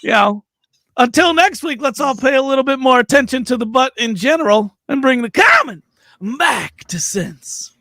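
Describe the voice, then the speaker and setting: Brief: male co-host, roasting outro, high bright voice, dry mic. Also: animated, normal speed, no echo. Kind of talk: comic award segment outro.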